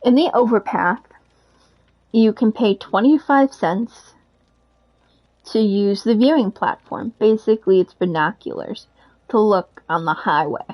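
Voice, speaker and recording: A woman's voice: medium pitch, unhurried. A young adult woman telling a story in a rambling, casual way, frank and swearing freely. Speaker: gaming vlogger. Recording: dull lo-fi recording.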